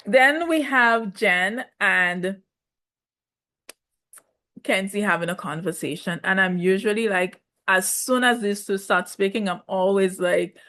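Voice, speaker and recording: A woman reviewing a reality show in casual commentary, sassy and animated, laughing often. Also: mid-range voice, a little slow.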